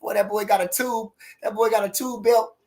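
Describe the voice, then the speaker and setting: A middle-aged man hosting a casual livestream, animated and repeating catchphrases as he chats. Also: sits high, normal speed. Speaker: livestream host.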